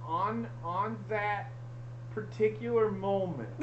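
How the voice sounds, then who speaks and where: A woman hosting a casual live stream chat, telling stories in an animated way with lots of swearing and laughter. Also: medium pitch, slow pace, highs cut off, slight background noise. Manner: animated storytelling, heavy swearing, frequent laughing. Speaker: host.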